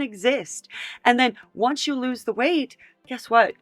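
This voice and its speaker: A woman's voice: fairly high pitch, measured pace, no echo, studio quality. A woman hosting a reaction video, talking in an exasperated, incredulous and emphatic way. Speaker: commentary host. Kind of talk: reaction commentary.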